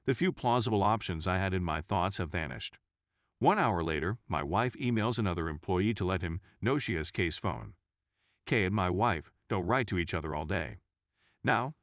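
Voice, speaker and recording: A man reading a written story aloud as a scripted narration, in a steady read-aloud delivery. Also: low voice, no echo, clean studio sound.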